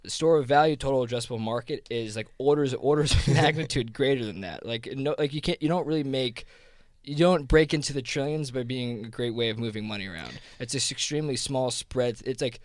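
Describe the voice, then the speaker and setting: A man's voice: mid-range voice, brisk, dry recording, clean studio sound. A man with a South Jersey accent, a guest on a podcast interview, explaining his ideas in a rambling casual way, full of "like" and restarts. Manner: rambling, heavy on "like", frequent restarts. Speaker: guest, crypto fund co-founder.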